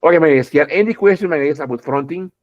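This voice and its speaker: A man's voice: on the high side, fast, dull audio. A man teaching an online English grammar lesson, often checking in with "okay?" and repeating words as he explains. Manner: keeps checking in with "okay?", repeats words, addresses students fondly.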